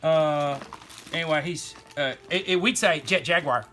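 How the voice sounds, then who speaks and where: A man's voice: on the high side, measured pace, bright, forceful tone, faint music behind. A middle-aged man, rambling enthusiastically as he shows off his toy collection. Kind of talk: casual show-and-tell chat.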